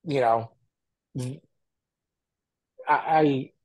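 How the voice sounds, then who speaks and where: A man's voice: medium pitch, drawn-out words, no echo, poor audio. A man co-hosting a podcast, talking earnestly and rambling with frequent fillers. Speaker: podcast co-host. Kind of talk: casual podcast chat.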